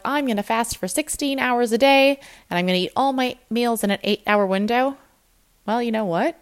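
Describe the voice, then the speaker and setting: A woman who coaches fitness and nutrition gives a casual motivational talk in a medium-pitched voice. She's candid and encouraging, and acts out her own inner voice.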